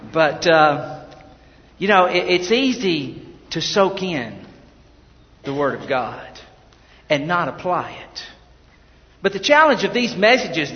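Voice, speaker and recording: Male pastor, folksy and earnest sermon, fairly high voice, dull recording with long hall reverb. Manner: folksy, earnest preaching with self-deprecating asides. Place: church sanctuary.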